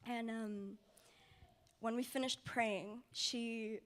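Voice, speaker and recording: Young woman telling her story soft and casual, kinda high voice, almost whispering at times. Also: fairly even intonation, drawn-out words. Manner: soft, often drops to a near whisper. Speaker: mission trip participant sharing testimony. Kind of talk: personal testimony, casual storytelling.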